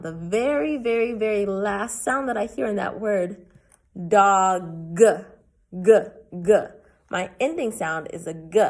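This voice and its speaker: A young woman teacher recording a remote lesson, saying each word slowly and carefully. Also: medium pitch.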